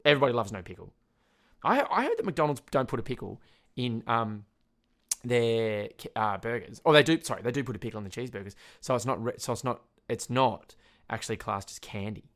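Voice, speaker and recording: On a casual solo podcast, a young Australian host from Tasmania rants at a middling pitch, rambling and tripping over his words. He swears freely and laughs at himself, sounding animated, fairly quick and a bit bright.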